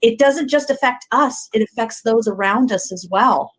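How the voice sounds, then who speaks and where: A woman's voice: fairly high pitch, moderate pace, rough recording. A woman co-hosting a Christian talk show, chatting animatedly and acting out voices in her stories. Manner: animated, acts out quoted voices. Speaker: co-host. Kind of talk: faith talk show chat.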